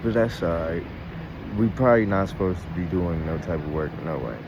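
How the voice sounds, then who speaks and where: A young man with a low, deep voice rambles through a casual travel vlog, swearing freely. He is recorded on a phone held at arm's length outdoors, with insects and passing traffic clearly heard behind him. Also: brisk. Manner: profane, rambling, talks through frustration and laughs at it. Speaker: show host.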